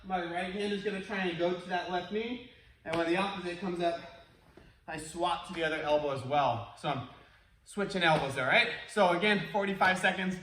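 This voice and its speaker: Male martial arts instructor, high voice, upbeat and encouraging, echoey room and set back from the mic. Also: fairly quick, pushed and bright, a little hiss or hum. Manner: upbeat, encouraging, chatty with asides. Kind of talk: online workout class instruction. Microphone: wears a face mask while talking. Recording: roomy echo, distant from mic.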